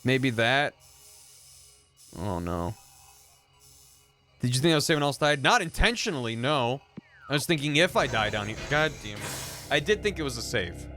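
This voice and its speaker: A man's voice: mid-range voice, sing-song, normal speed, long pauses, sharp tone. A man streaming a video game, chatting to his viewers in a goofy, swearing, groaning way. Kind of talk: casual live-stream gameplay commentary. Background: video game music.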